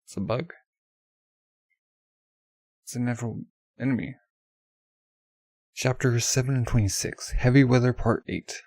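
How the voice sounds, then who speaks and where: A man's voice: medium pitch, a little slow, pauses often, darkish tone, no room sound. A man casually reading a manga aloud in a loose, offhand way full of fillers. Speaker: manga reader.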